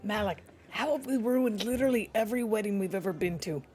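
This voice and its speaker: A woman's voice: medium pitch, fast, music in the background. A woman player speaking in character in a tabletop game, awkward and dryly comic.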